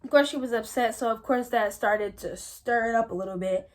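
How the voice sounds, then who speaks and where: A young woman, casually telling a story to her viewers in a slangy, animated way and often calling out to them as y'all. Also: on the high side, brisk. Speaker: vlogger.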